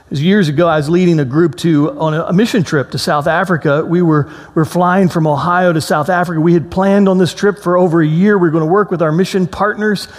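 A man preaching a sermon as a pastor, telling a story with lively acted-out quotes before slowing into reflective reading. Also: a little high. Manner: storytelling, animated, acts out quotes in a raised voice. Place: church sanctuary. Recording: long hall reverb.

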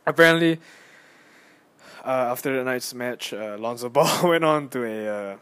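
A young man hosting a casual solo podcast on his phone, rambling and excitable as he tells a story with lots of fillers and restarts. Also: mid-range voice, moderate pace, clean tone. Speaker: podcast host.

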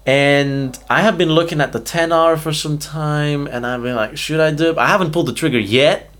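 A man's voice: a little high, normal speed, a bit bright. A young man co-hosting a podcast, chatting casually and animatedly, often tagging "okay?" onto his points. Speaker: podcast co-host. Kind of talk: casual chat.

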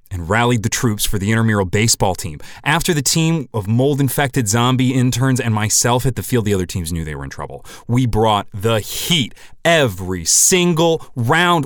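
A man hosting a comedy podcast, delivering a scripted monologue deadpan with sudden loud, mock-indignant bursts. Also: medium pitch, no echo, studio quality.

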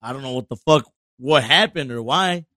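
A man's voice: mid-range voice, moderate pace, no echo, studio quality. A man telling a story on a podcast, swearing a lot and acting out quotes, switching into now and then. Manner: animated, heavy swearing, acts out quotes. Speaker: podcast guest. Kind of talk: casual storytelling.

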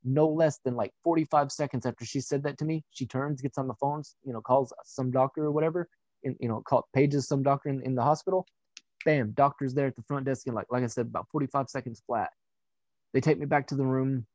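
A young man tells a personal story in a loose, conversational way, full of fillers and blunt swearing. His voice sits in a middle pitch and sounds dry and close, with no room around it. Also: steady tone, a little fast, darkish tone, dry recording, lo-fi sound. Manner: candid and profane, with frequent fillers. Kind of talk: casual personal anecdote.

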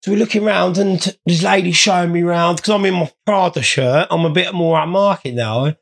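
A man's voice: high voice, normal speed. A man telling rambling, sweary comic anecdotes in a blokey way. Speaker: storyteller. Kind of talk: comic storytelling.

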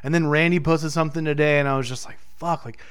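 Profane, animated man in casual chat. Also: fairly high pitch, rapid-fire, smooth. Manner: profane, animated storytelling with quoted reactions.

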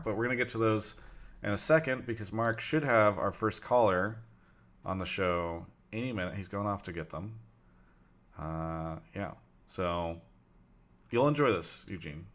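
Chatty stream host reading off subs. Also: male voice, lowish voice, a bit bright. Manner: chatty, reads out subs with frequent fillers. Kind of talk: live-stream talk show hosting.

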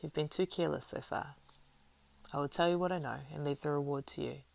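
A woman reading the part of a weathered male ranger, measured, wry and grave. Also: sits low, steady tone, vocal fry.

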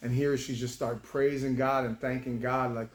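A man's voice: mid-range voice, level tone, moderate pace. A man in his fifties, a former prisoner, telling a personal story in a casual, emotional way, with many halts and restarts. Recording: roomy room with faint background noise.

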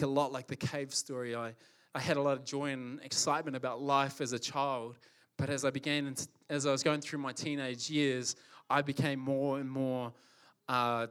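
A man's voice: medium pitch, fairly bright tone. A man preaching a sermon, impassioned and emphatic, building his points through repetition.

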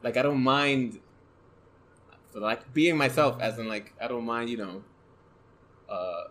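A man with a soft voice, speaking as a podcast guest in casual conversation, hesitant and full of fillers and restarts. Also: medium pitch, slow pace. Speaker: guest, photographer and content creator.

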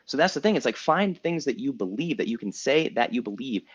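A man in his thirties speaking as a coach to his group, his pitch rising and falling with lots of energy. He talks emphatically, repeats lines for effect and swears casually. The sound is a bit dull and lo-fi. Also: very animated, a little fast, slightly rough. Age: 30s. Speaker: coach and podcast host. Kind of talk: group coaching call monologue.

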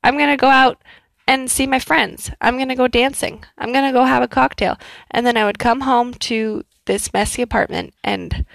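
A woman's voice: a little high, vocal fry, no echo. A young woman telling a personal story in a candid, reflective way, acting out her own past thoughts. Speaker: vlogger.

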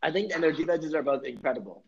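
A man's voice: on the high side, expressive, fast talker, vocal fry, a little hiss or hum. A young man hosting a casual sports podcast, rambling through jokey theories and swearing freely. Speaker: podcast host. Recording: muffled lo-fi podcast audio.

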